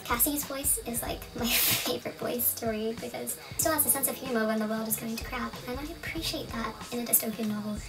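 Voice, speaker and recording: A young woman casually recommending her favourite books, excitable and gushing, swearing freely. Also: on the high side, brisk, gravelly, hardly any pauses. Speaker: book vlogger. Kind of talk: casual book recommendation vlog. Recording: distant mic with music behind.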